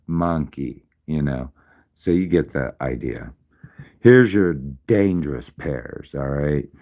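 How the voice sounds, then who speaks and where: A man's voice: extremely low pitch, a little mellow. A man hosting a livestream, casually explaining zodiac pairings, counting aloud and often checking in with "all right?". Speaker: livestream host.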